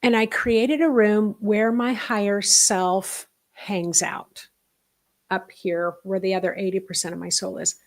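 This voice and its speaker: Leading a spiritual workshop on a live stream, a middle-aged woman talks in a voice of normal middle pitch. She is emphatic and animated, hurrying certain phrases while slowing others into quiet, hushed asides.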